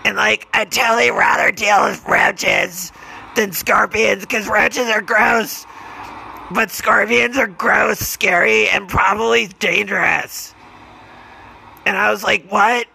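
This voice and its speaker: A man's voice: high-pitched, fairly even intonation, takes it slowly, creaky, pushed and bright, slight background noise, exaggerated voice, low-quality recording. A man voicing an unemployed, broke male scorpion who rants in a rambling, sweary way. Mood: aggrieved.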